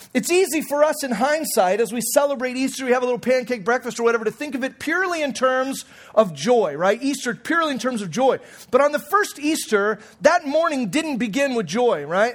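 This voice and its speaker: A man in his forties preaching a sermon as pastor, in a conversational, humorous way with frequent restarts. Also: very high-pitched. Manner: conversational, humorous, self-correcting.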